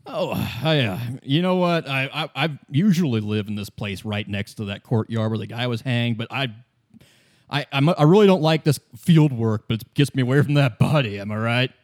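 A man's voice: medium pitch, moderate pace, no echo, studio quality, natural voice. A man voicing a nervous, evasive man who rambles and stammers in a tabletop role-play. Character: nervous, shifty adult man hiding guilt.

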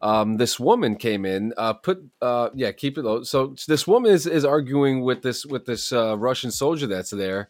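A man's voice: medium pitch, animated, moderate pace, hardly any pauses, no echo, studio quality. A man co-hosting a podcast, eagerly recounting clips and stories in casual chat. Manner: eager storyteller, relaying clips. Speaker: podcast co-host.

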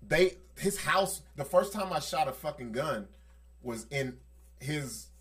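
A man hosting a podcast, telling stories in a casual chat with animated, profane energy. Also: fairly high pitch, slow. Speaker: podcast host.

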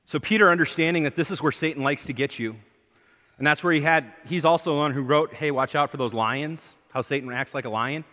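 A man's voice: on the high side, fairly quick, bright, forceful tone. A man preaching a sermon to his congregation, emphatic, asking them questions and acting out the lines he quotes. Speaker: pastor. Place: church hall. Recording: long hall reverb.

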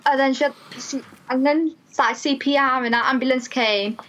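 A young woman, a student mental health nurse, telling a personal story in an animated, emotional way, full of "like" fillers. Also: sits high, moderate pace, dull audio.

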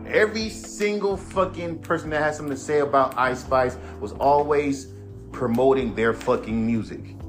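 A man's voice: mid-range voice, moderate pace, faint music behind. A man hosting his own podcast, a rapper ranting in a laid-back, rambling, profane way. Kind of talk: casual monologue.

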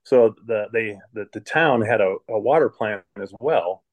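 A man's voice: fairly low pitch, measured pace. A middle-aged man from Michigan, a water plant manager, casually telling stories about his work life in an interview, rambling along with many restarts.

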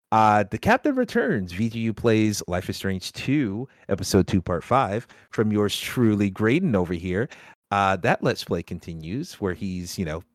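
A man hosting a casual gaming podcast, talking excitedly and often breaking into laughter. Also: on the low side, no echo, clean studio sound. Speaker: podcast host. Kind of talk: casual chat.

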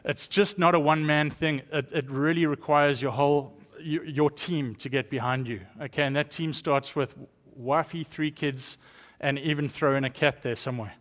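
A man's voice: on the high side, steady tone, moderate pace, fairly bright tone. A South African man in his thirties or forties, a guest speaker giving a chatty, joking testimony sermon with many fillers. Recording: long church hall reverb.

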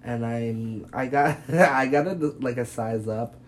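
Young male vlogger, unhurried, giggly, loose filler-heavy chat. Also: mid-range voice, a little hiss or hum. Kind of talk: casual chat.

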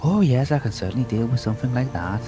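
A man's voice: medium pitch, expressive, fast talker, voice pushed up, lightly acted. Brief: man playing a soothing, prim middle-aged matron, lilting voice, music behind. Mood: polite. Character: polite middle-aged hospital matron woman.

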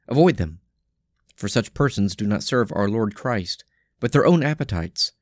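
A man reads the day's scripture passages and a closing prayer. His pace is measured and solemn, and his pitch sits in the middle range. The sound is dry and close, with no room echo. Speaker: scripture reader. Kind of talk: reading a daily lectionary.

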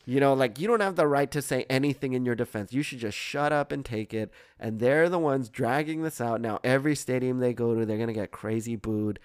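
A man talking in a casual sports chat, animated and sarcastic, mocking what he argues against. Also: medium pitch, a little fast, few pauses, smooth, no echo, clean studio sound.

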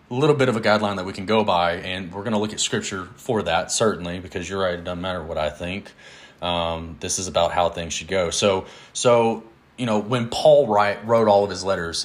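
A man teaching the Bible in a casual, earnest way, with many fillers. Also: fairly low pitch. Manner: earnest, measured, with fillers and little laughs. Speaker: podcast host, Bible teacher.

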